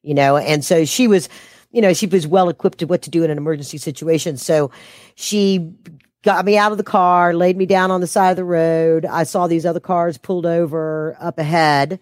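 Animated woman telling a story. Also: lowish voice, moderate pace, no echo. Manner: animated storytelling, voice rising when quoting herself. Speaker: interview guest. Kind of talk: telling a personal story in an interview.

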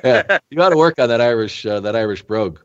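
A man's voice: mid-range voice, lively intonation, quick pace, lo-fi sound. A man hosting a podcast interview, talking in an easygoing, reflective way. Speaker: podcast host.

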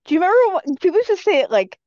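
A woman co-hosting a podcast in casual chat, quick to shoot down slang she dislikes. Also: extremely high pitch, big pitch swings, darkish tone, dry recording, dull audio. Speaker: podcast co-host.

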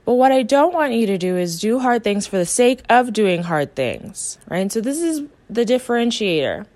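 A woman's voice: on the high side, very animated, normal speed, darkish tone. A young adult woman from the United States, hosting a motivational podcast as a coach and speaking earnestly to her listeners. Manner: earnest, encouraging, voices the listener's inner thoughts.

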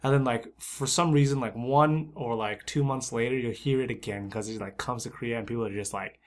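A man who lives abroad as a teacher, co-hosting a casual chat and telling stories in a relaxed way with lots of filler words. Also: medium pitch, fairly quick. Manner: relaxed storytelling, many filler likes. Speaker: podcast co-host; expat teacher in Korea.

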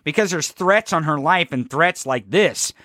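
A man co-hosting a podcast, talking politics in a casual, profane and animated way with frequent restarts. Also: a little high, unhurried, no echo, studio quality. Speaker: podcast co-host.

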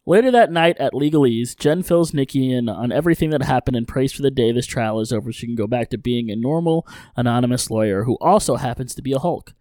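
A man co-hosting a podcast, recapping an episode in casual chat with lively narration and joking asides. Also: medium pitch, fast talker, few pauses, dry recording, studio quality. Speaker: podcast co-host.

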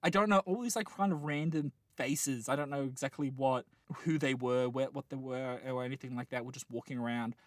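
A man's voice: medium pitch, fairly quick, few pauses, no echo, clean studio sound. A man in his late twenties chatting casually, telling a long rambling dream with lots of laughter and restarts. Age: late 20s. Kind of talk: casual chat, dream storytelling.

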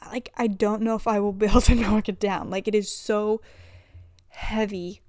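A woman's voice: medium pitch, little pitch movement, moderate pace, a little mellow, no room sound, clean studio sound. A young adult woman talking through personal struggles in a rambling, confessional way, filling her speech with "like" and restarts. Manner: rambling, filler-heavy with frequent "like". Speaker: vlogger.

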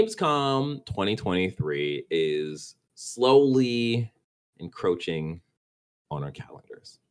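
A man with a low voice co-hosts a laid-back gaming podcast. He rambles, trips over his words and restarts his sentences, chuckling as he goes. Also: fairly bright tone. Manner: rambling, stumbles and restarts, laughs easily. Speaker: podcast co-host. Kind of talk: casual gaming podcast chat.

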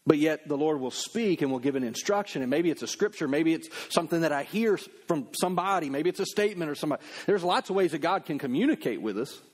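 A middle-aged male pastor delivers a sermon in an easy, conversational way. His voice sits somewhat high for a man, and he keeps the preaching lively by acting out quick asides.

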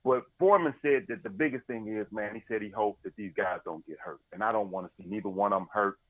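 Man, casual sports chat, animated, paraphrasing, dry close sound, dull lo-fi audio. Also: lowish voice, quick pace, no echo. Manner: animated storyteller, paraphrasing and laughing. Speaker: podcast co-host.

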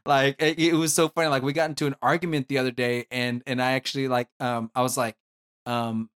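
Rambling, halting man in casual chat. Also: medium pitch, smooth. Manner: rambling, halting, many restarts, bursts into loud excited yelling.

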